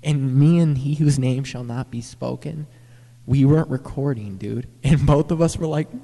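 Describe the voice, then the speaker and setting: A young man telling a rambling, profane story, excited and stumbling over his words. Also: on the high side, normal speed, vocal fry, long reverb tail. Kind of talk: casual profane anecdote.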